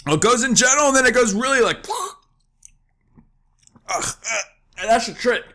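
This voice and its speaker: Excitable young man with lively pitch. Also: moderate pace. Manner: excitable, joking, yelps and groans from spicy food. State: eyes watering, voice strained from wasabi. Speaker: gaming YouTuber. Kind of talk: gaming commentary.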